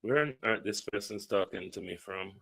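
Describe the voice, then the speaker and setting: This Jamaican-accented man's voice is fairly low, gravelly and sharp, at a normal speed. Hosting a casual live stream through a phone or computer mic, he greets viewers by name, reads out a contact number and chats loosely.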